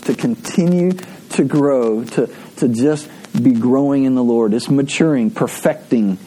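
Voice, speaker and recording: A man's voice: medium pitch, warm tone, slight background noise. A man preaching a sermon, telling stories in a conversational way with frequent restarts.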